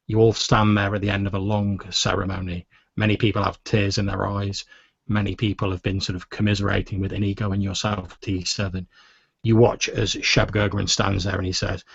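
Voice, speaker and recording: A male game master narrating a tabletop role-play in an easygoing storyteller's manner. His voice is low and husky. The audio is dry and dull, like a home podcast mic. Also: no room sound. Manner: relaxed storyteller, many fillers.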